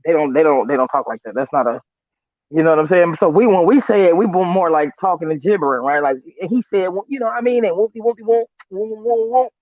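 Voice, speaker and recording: A man's voice: on the high side, fast, dry recording. A man from California, co-hosting a casual live show, telling stories animatedly and acting out the voices of other people. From Northern California. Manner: animated storyteller, acts out quotes, swears freely. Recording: tinny phone-like line.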